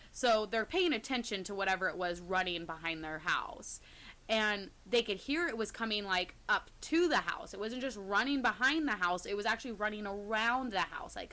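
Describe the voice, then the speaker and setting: A woman co-hosting a podcast, casually retelling creepy stories, sometimes dropping to a hush and often laughing. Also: medium pitch. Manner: retells scary stories, drops to hushed tones, laughs often. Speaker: podcast co-host. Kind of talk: casual storytelling chat.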